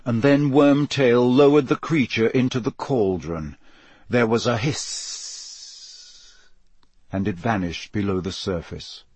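Casting: husky-voiced man, mid-pitched, measured audiobook narration, dry close recording. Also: darkish tone, no room sound. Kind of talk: scripted narration.

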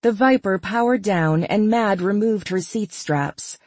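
A woman narrating an audiobook, even and unhurried, with a slightly husky midrange voice. The sound is dry and close. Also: medium pitch, no echo. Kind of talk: scripted narration.

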